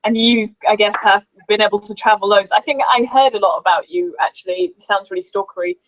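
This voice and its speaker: A woman with a British accent, chatting casually and laughing easily as co-host of a live video call. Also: dull audio. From England. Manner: chatty, quick to laugh, lively swings in pitch. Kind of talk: casual chat on a live stream. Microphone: webcam on a video call.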